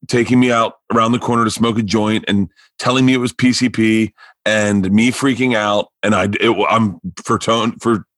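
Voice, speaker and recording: A man's voice: on the low side, normal speed, no echo. A man, a comedian guest, telling stories in casual talk, tripping over restarts and acting out the people he quotes. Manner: animated, stammering restarts, acts out quoted people. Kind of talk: casual storytelling.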